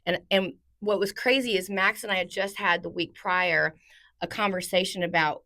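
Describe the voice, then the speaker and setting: Guest: woman, 30s, founder, low-set voice, animated storyteller who acts out quoted lines, casual interview. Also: normal speed. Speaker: interior design company founder, podcast guest.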